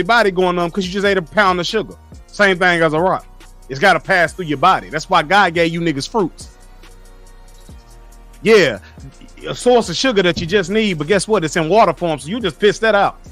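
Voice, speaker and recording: This streamer has a high, pushed, bright voice. Reading his chat on a casual livestream, he lectures his viewers in a blunt and profane way.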